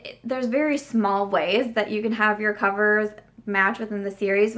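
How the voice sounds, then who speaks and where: A woman book vlogger in her thirties, talking casually to her viewers. She rambles in a friendly way, restarting her sentences and filling pauses as she thinks aloud. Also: medium pitch, fairly bright tone. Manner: chatty, with frequent restarts and fillers. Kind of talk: casual chat to camera.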